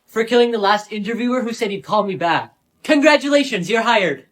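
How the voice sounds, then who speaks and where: A man from San Diego performing short comedy skits, playing every part with sarcastic deadpan comebacks. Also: high-pitched, fairly quick. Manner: sarcastic deadpan comebacks, switching between characters. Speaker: comedy creator.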